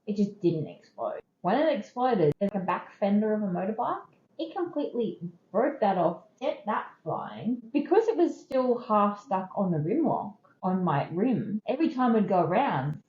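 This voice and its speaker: A woman's voice: mid-range voice, very animated, moderate pace, few pauses, warm tone, echoey room, highs cut off. Candid Australian woman telling her story. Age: 30s. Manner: candid, conversational, emphatic repetition. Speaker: podcast host. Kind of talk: personal storytelling.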